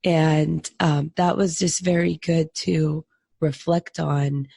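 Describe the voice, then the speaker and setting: Hoarse, gravelly-voiced sick woman. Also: deep voice, fairly even intonation, slow pace, dark tone, dry recording. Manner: reflective, self-deprecating. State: hoarse from illness. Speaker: podcast co-host. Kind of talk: casual chat.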